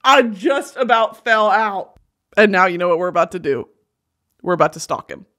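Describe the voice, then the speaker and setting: A woman, hosting a comedic commentary show and swinging between shouts, whispers and laughter. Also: mid-range voice, expressive, moderate pace, noisy background. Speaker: host.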